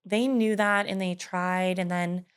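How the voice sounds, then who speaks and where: A woman's voice: lowish voice, steady tone, unhurried, smooth. A woman in her thirties telling her personal story in an interview, candid and hesitant, with frequent fillers and laughs. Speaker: guest.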